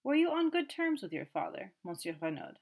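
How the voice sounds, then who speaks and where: A woman voicing a quiet but sharp, boastful male detective who probes and needles. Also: sits high, very animated, a little fast, vocal fry, heavily acted. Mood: probing.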